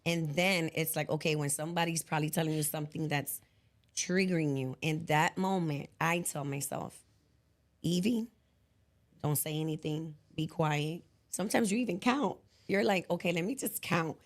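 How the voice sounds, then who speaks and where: Low-voiced woman hosting a casual chat. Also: fairly quick. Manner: expressive, laughs easily, acts out her inner voice. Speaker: podcast host. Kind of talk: casual conversation.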